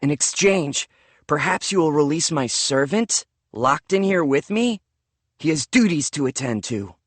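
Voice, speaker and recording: A nervous young regent, formal and earnest, with a higher, lively voice, as a male audiobook narrator plays him. He pleads and insists in stiff court language. The reading is dry and close. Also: a little slow, no echo.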